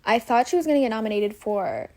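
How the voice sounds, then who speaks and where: Gushing young woman podcaster, slightly high voice. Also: expressive, fast, warm tone. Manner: gushing, rambling, many "like" fillers and self-corrections. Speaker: podcast host. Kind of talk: casual solo podcast chat.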